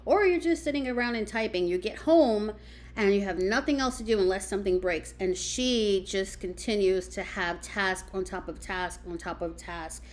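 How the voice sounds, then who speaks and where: A woman speaks in a measured, even tone, addressing men with pointed questions. She lays out her points as long lists, one item after another. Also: medium pitch. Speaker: commentary host. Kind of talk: reaction commentary.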